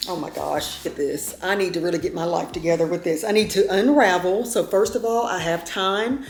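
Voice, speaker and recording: A woman's voice: fairly low pitch, a little fast. Chatty woman in her fifties, roomy echo. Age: 50s. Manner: chatty, folksy, keeps calling viewers y'all. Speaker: vlogger. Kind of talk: casual chat to camera.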